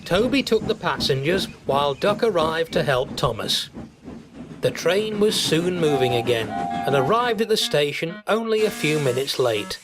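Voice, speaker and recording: A man giving an expressive, measured storybook narration. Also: on the high side. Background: music.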